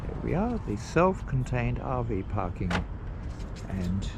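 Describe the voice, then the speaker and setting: A man narrating a casual travel vlog outdoors at a campsite, unhurried and rambling with pauses and fillers. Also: medium pitch, big pitch swings, background noise. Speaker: travel vlogger.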